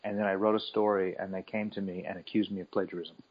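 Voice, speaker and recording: Middle-aged male guest from Alabama, low voice, storyteller, stumbles often, slightly dull audio. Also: level tone, fast talker, slight background noise. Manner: storytelling, many stammered restarts. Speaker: guest, children's author. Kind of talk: casual interview chat.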